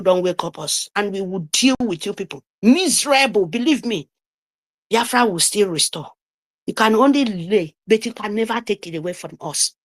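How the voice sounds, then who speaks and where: A woman with a Nigerian accent giving an impassioned, scolding political speech over an online call, repeating phrases for emphasis. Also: medium pitch. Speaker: speaker on an online group call. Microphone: remote call microphone.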